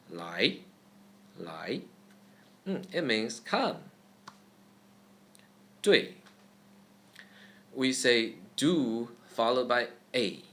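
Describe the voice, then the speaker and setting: Medium in pitch with a fairly bright tone, this man teaches pronunciation methodically. He carefully and slowly repeats each sound again and again as a language teacher.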